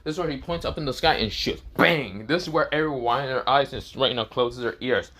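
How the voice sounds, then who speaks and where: A young man reads out a fan story in a loose, casual way, rambling with fillers and plenty of swearing. His voice is bright and edgy. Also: mid-range voice, fairly quick. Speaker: fan fiction reader. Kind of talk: casual read-aloud fan story narration.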